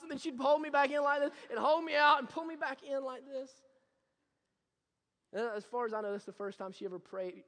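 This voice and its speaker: A young man preaching a sermon as pastor, moving between quiet, personal storytelling and loud, impassioned exhortation. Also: very high voice, a little fast, in a large hall. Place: church sanctuary.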